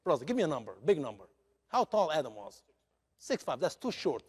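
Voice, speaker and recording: Animated, high-voiced male preacher. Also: a little fast, slightly rough. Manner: dramatic, expressive, non-native grammar. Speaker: guest speaker. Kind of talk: animated sermon storytelling. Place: church. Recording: long church reverb.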